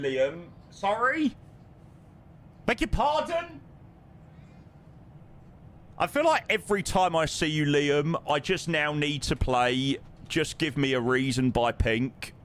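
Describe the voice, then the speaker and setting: A little hiss or hum underlies a man's slightly high, fairly bright voice at a moderate pace. He's a chatty British flight sim streamer, casually reading out messages from viewers and calling off runway and altimeter readings.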